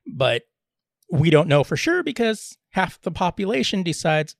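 A man's voice: fairly high pitch, very animated, unhurried, vocal fry, a bit bright, no echo. Podcast co-host, male, blunt and rambling, dry close-miked sound. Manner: rambling, blunt, many restarts. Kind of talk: casual chat.

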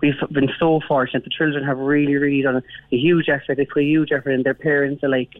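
A man with an Irish accent, a teacher speaking as a guest over the phone, talking earnestly and quickly. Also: mid-range voice, little pitch movement, dry recording. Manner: quick, earnest, community-minded. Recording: tinny phone line.

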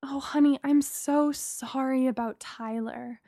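A woman voicing a caring, worried middle-aged mother who speaks warmly and with concern. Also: high voice, very animated, measured pace, dry recording, studio quality, voice pushed up, full character voice. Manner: warm and concerned.

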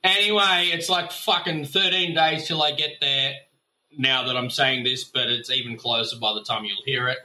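A man's voice: mid-range voice, fairly even intonation, normal speed, pushed and bright. An Australian man leaving a casual voicemail, swearing freely and ranting with mock anger. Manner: profane, blustering, mock-angry. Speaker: voicemail caller.

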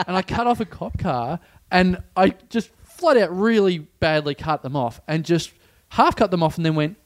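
A man's voice: on the high side, animated, fairly quick. An Australian man, a comedian, co-hosting a podcast and telling a rambling self-mocking story with bursts of laughter. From Victoria, Australia. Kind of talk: casual podcast chat.

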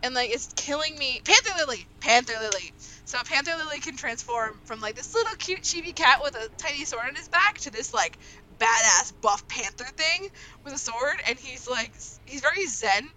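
A young woman hosting a casual group chat over an online call. She talks in an excitable, rambling way and laughs often. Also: high voice, moderate pace, slight background noise, poor audio.

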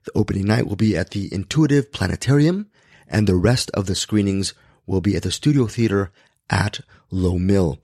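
A man in his fifties with a hoarse, raspy voice hosts a podcast in casual chat, rambling and often correcting himself. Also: normal speed, dry recording, studio quality. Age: 50s. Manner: rambling, frequent self-corrections, jumps to excited high pitch. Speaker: podcast host.

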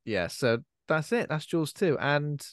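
A man's voice: a little high, lively intonation, a little slow, dry recording, studio quality. A man co-hosting a horror podcast, chatting through a film plot and checking details with his co-host. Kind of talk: casual film recap chat.

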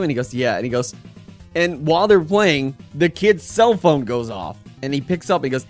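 A man, a young adult, chatting casually as co-host of a gaming podcast, animated and laughing as he acts out quotes. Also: medium pitch, fairly quick, faint music behind. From United States. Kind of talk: casual chat.

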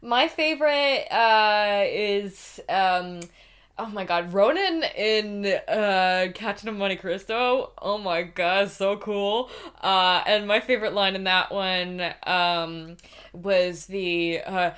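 A woman's voice: medium pitch, slow, a bit bright, clear, resonant tone. Giggly woman reading listener questions. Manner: chatty, giggly, many fillers. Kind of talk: casual chat.

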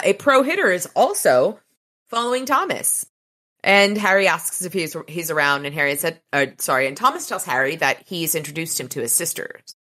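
Woman co-host, low-ish bright voice, casual recap with giggles. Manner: giggly, reads quotes aloud. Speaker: podcast co-host reading a novel recap. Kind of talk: casual chat and book recap.

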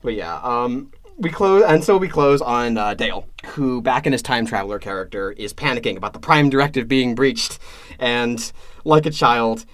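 A man's voice: mid-range voice, moderate pace, a bit bright. A man co-hosting a casual podcast, talking with many restarts and repeated words and laughing as he retells scenes. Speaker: podcast co-host.

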